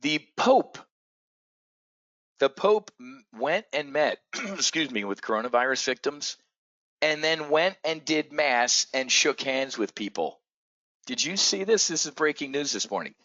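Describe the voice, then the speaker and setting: A man hosting a live trading stream, talking bluntly and profanely with frequent stammered restarts and excitable outbursts. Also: a little high, a little slow, no echo, lo-fi sound. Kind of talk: unscripted live stream talk.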